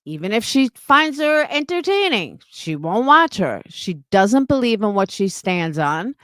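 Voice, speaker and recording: A woman's voice: mid-range voice, sing-song, unhurried, fairly bright tone, no echo, clean studio sound. A woman in her thirties ranting on a live stream, blunt, indignant and heavy on swearing. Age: 30s. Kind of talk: heated live-stream rant.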